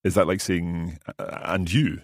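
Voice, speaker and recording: A man with a very low voice hosts a language lesson podcast, playing the learner. He asks curious questions, repeats new words slowly and laughs easily. The sound is dry and close, with no room echo. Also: fairly even intonation. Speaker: host and learner.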